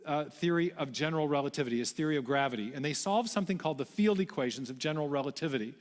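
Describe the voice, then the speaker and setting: A man with a fairly high voice delivers a public lecture, walking his audience through ideas like a storyteller. His words ring out with a long reverb that trails after each phrase in a large hall. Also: rapid-fire.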